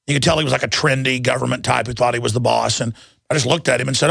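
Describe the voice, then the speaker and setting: A man's voice: medium pitch, steady tone, racing, vocal fry, a bit bright, dry recording, studio quality. A middle-aged man hosting a talk radio show, ranting in an angry, combative and scornful monologue.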